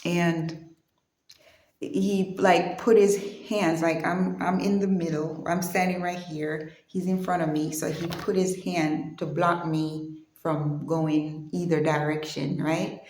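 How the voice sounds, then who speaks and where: A woman telling a personal story in an earnest, conversational way, pausing and restarting as she goes. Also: lowish voice, level tone, darkish tone, echoey room, a little hiss or hum. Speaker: vlogger.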